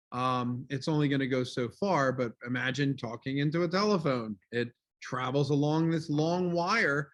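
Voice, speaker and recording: A male teacher giving a casual online class review, loud and full of fillers like "um" and "okay?", speaking over a video call. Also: fairly high pitch.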